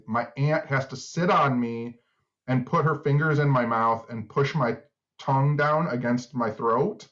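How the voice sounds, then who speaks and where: A man's voice: mid-range voice, a little slow, fairly bright tone. A middle-aged man co-hosting a podcast, telling stories in a rambling casual way with lots of filler words. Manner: rambling storyteller, many "like" fillers. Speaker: podcast co-host. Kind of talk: casual chat. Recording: slightly dull lo-fi sound.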